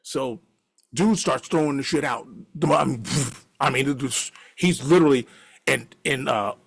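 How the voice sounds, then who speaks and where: A middle-aged man telling a story casually, animated, laughing often and swearing freely. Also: mid-range voice, normal speed, creaky, slightly rough.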